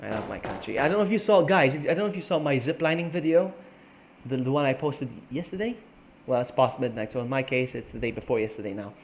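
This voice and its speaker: A man's voice: mid-range voice, fast talker. A man from Malta, chatting casually and rambling on a live game stream from a room at home, laughing often. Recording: steady background noise.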